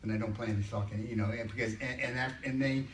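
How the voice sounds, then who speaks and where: A man's voice: mid-range voice, fairly even intonation. Older male study-group leader, conversational, in a roomy space and heard from a distance. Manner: conversational, slows down to read scripture. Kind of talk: Bible study discussion. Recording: roomy, distant mic, faint background noise.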